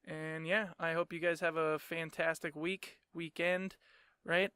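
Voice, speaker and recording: A man's voice: fairly high pitch, flat delivery, measured pace, bright, forceful tone, clean tone, dry recording, studio quality. A young man hosting his own podcast, ranting in a sarcastic, profane way and laughing often. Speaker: podcast host. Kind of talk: casual solo rant.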